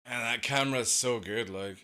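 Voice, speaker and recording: A man reacting casually on a live stream, excitable, swearing freely and laughing often. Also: mid-range voice, normal speed.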